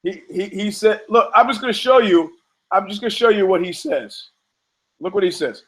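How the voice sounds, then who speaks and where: A man's voice: high voice, normal speed, fairly bright tone, poor audio. A man hosting a podcast, delivering a rambling, profane comedic monologue and acting out quoted characters in funny voices. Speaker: podcast host.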